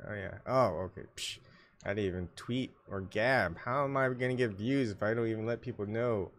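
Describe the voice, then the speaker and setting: A man's voice: medium pitch, a bit bright. Man musing aloud on a solo livestream. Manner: muttering to himself, mixing asides with musings; frequent coughs and throat clearing. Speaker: livestream host. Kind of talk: rambling solo livestream chat. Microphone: desktop microphone.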